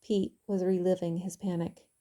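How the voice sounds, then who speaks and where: A woman author reading her own novel aloud in calm, even audiobook narration. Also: on the low side, normal speed.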